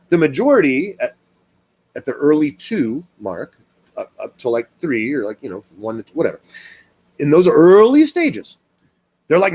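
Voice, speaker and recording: A man's voice: sing-song, fairly quick. A man, a dog trainer, talking casually in a rambling monologue full of fillers and acted-out quotes. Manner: rambling, lots of fillers, acts out quoted people in higher voice.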